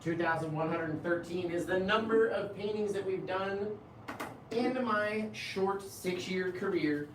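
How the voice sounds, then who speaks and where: A man's voice: high-pitched, measured pace, echoey room, a little hiss or hum. A man hosting a live painting show, chatting casually with viewers, reading their comments aloud and laughing often.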